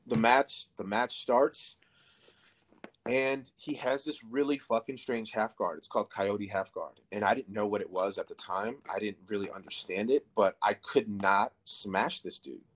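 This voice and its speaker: A man's voice: lowish voice, steady tone, unhurried, a bit bright. A man in his thirties, a podcast guest, telling a story casually with lots of swearing and fillers. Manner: profane, rambling, filler-heavy.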